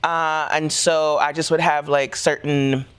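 Relaxed, chatty woman guest on a talk show; an actor from central Pennsylvania. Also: sits low, a little slow, clean tone. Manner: relaxed, chatty, many fillers. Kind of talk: casual talk-show interview.

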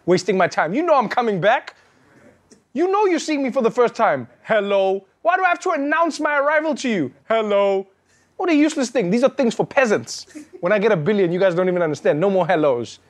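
A man performing a stand-up comedy routine, riffing and acting out little characters. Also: high voice. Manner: animated, riffing, acts out characters. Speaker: comedian and show host.

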